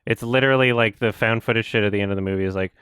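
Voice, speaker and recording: A young man co-hosting a podcast, chatting casually in a quick, rambling, sarcastic way and laughing often. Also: lowish voice, fairly even intonation, a bit bright, clear, resonant tone, dry recording, studio quality. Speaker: podcast co-host. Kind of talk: casual chat.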